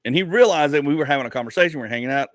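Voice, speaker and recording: A man's voice: a little high, very fast, dry recording. A male comedian hosting a casual podcast, telling stories with lots of restarts and some swearing. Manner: animated storytelling, rambling with many restarts and swearing.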